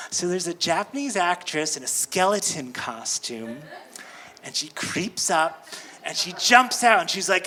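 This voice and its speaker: A man doing stand-up comedy, telling a story on stage with lively delivery, breaking into high squealing voices when he quotes people. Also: a little hiss or hum.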